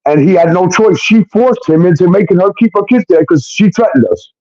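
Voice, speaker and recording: Brief: heated male storyteller, higher voice, mellow tone, dull lo-fi recording. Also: fairly quick. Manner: heated, swearing, acts out quotes. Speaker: guest telling his story. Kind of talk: casual storytelling. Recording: dull lo-fi sound.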